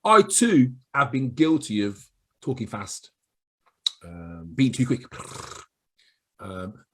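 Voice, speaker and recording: A middle-aged man with a Black Country accent giving chatty sales advice to camera, now and then acting out quick voices of callers and of himself. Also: lowish voice, breathy edge. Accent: Black Country English. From Black Country, England. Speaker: sales trainer.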